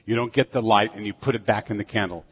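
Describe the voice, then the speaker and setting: An older man delivering a sermon in an earnest, measured way, with self-deprecating asides. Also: fairly low pitch, steady tone, fairly bright tone, breathy edge. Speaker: preacher. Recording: dull audio with long hall reverb.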